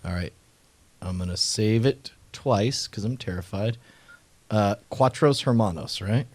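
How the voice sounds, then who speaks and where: A man's voice: on the low side, a little slow, a little mellow. A man hosting a late-night podcast, bantering playfully and laughing often. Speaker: podcast host.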